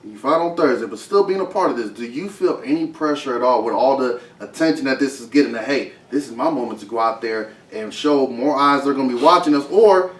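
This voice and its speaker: A man co-hosting a podcast, asking long, quick questions in a casual interview. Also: medium pitch, expressive. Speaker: podcast co-host. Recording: roomy sound from a distant mic.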